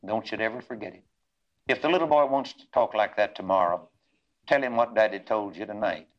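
A man's voice: a little fast, dull audio, close to an everyday voice. Loving father played by a preacher, tender and earnest. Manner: tender and low, then rising to earnest. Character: loving adoptive father of a boy.

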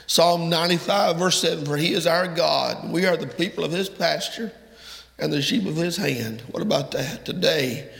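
A man preaching a fervent sermon in a church, rising to loud, emphatic peaks. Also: a little high, normal speed, gravelly. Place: church sanctuary. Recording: echoey hall from far off.

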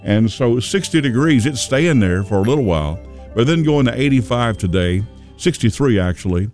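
A man's voice: mid-range voice, lively intonation, normal speed, a little mellow, faint music behind. A man hosting a local Christian radio show, chatting in a folksy, rambling way. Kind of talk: casual local radio talk. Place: radio studio.

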